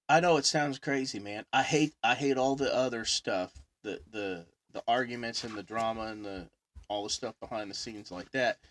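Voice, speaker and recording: A man hosting a podcast in casual chat, telling animated, rambling stories full of fillers. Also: mid-range voice, measured pace. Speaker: podcast host.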